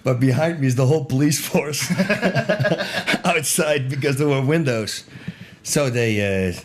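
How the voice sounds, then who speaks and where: A middle-aged man tells a wild anecdote as a podcast guest, recorded close on a studio microphone. He is lively and laughs easily. He keeps his voice at an ordinary pitch and repeats words to land them. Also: a little slow, slight background noise. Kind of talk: animated anecdote storytelling.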